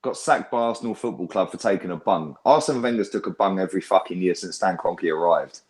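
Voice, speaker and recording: A young man, talking in a lowish voice. He hosts a fan chat and rants loudly with heavy swearing. His speech is animated, with frequent tag questions thrown in. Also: brisk. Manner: loud, sweary, animated ranting. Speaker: fan channel host. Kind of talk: heated casual fan chat.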